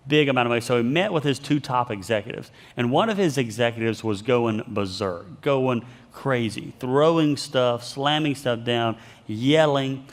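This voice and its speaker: A man's voice: medium pitch, normal speed, in a large hall. A man giving a motivational leadership talk that mixes in scripture, telling stories and acting out the people he quotes. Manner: animated storyteller, acts out quoted voices. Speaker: leadership speaker.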